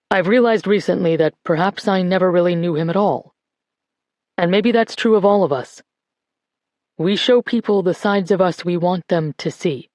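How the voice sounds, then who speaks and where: A woman voicing a grieving man who gives a slow, measured eulogy at a church funeral. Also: lowish voice, darkish tone, no echo, lightly acted. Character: grieving grandson giving a church eulogy, male adult.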